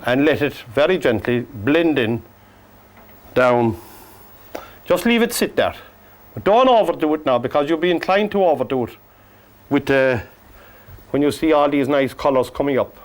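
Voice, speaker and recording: A man from Cork with an Irish accent, teaching a painting lesson in a gentle, joking, soft-spoken way. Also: medium pitch, animated, moderate pace, long pauses. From Ireland. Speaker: painting instructor. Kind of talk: painting lesson with chatty asides.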